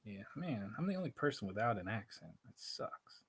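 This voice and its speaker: A man's voice: fairly low pitch, very animated, moderate pace, breathy edge. A man hosting a casual livestream, rambling and interrupting himself, talking into a laptop mic, with a Spanglish accent. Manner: rambling, self-interrupting, laughs often. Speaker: livestream host.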